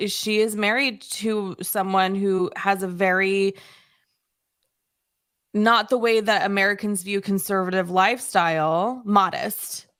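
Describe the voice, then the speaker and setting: A woman co-hosting a podcast in casual chat, talking expressively with quick asides. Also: medium pitch, steady tone, a bit bright, clean tone, no echo, studio quality. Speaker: podcast co-host.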